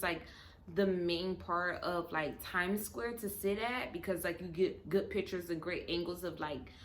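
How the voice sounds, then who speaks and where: A woman telling a story in a casual storytime video, expressive, swearing freely and acting out the people she quotes. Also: fairly low pitch, slight background noise.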